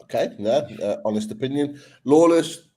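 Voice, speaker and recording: A man's voice: medium pitch, expressive, normal speed, warm tone, low-quality recording. A man hosting a football podcast, asking guests easygoing questions. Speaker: podcast host. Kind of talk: casual chat.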